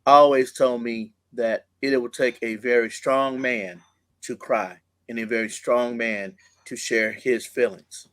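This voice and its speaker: A man speaking thoughtfully and sincerely in a measured way, reflecting on his upbringing as a podcast co-host. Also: medium pitch, fairly even intonation, a bit bright, no echo. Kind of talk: reflective conversation.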